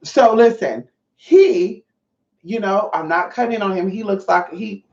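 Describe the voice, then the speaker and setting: Measured and medium-pitched with a slightly mellow tone, this woman runs a casual livestream, reading chat out, cursing freely, and addressing viewers as honey with brassy flair. The audio comes from a dull, distant lo-fi mic in a roomy space.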